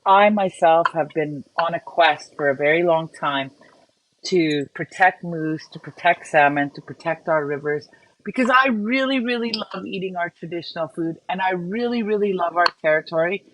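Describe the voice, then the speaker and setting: A woman's voice: lowish voice, normal speed, dry recording, rough recording. A woman from Canada hosting a casual cooking livestream, chatting and greeting viewers by name while she cooks. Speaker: cooking show host.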